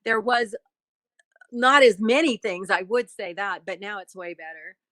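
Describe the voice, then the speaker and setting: A woman's voice: medium pitch, a little slow, a crowd in the background. A middle-aged woman, an actress being interviewed, chatting casually and laughing often. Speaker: actress and guest.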